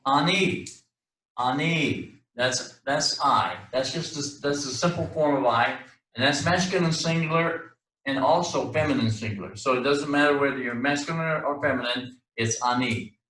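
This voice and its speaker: A man teaching a class, his speech halting and full of restarts with the odd joke. His voice is bright and forceful. He sounds set back from the mic in an echoey room. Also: medium pitch, far from the mic. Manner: halting, many restarts and fillers, joking. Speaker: Hebrew teacher.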